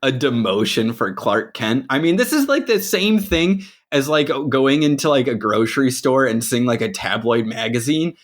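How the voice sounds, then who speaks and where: A man's voice: medium pitch, very animated, normal speed, few pauses. A man co-hosting a comic book podcast, laughing along and adding his own casual takes. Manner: laughs along and chimes in with agreement. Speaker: podcast co-host.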